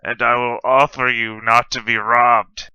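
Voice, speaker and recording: A man's voice: mid-range voice, flat delivery, measured pace, pushed and bright, smooth, dry recording. A man playing a tabletop game as a player, with dry, blunt humor, on a dull, dry lo-fi microphone. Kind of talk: tabletop game role-play.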